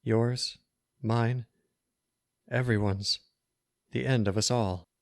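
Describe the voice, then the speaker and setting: A man's voice: medium pitch, fairly even intonation, slow, dry recording, studio quality. A man voicing an anguished masked prophet of doom in a storybook reading, with a trembling, mournful voice. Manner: mournful and sorrowful.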